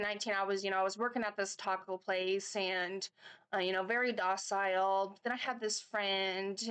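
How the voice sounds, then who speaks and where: A woman's voice: mid-range voice, fairly bright tone. A woman in her thirties, a reaction vlogger chatting casually, rambling through stories with lots of fillers and restarts. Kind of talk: casual chat.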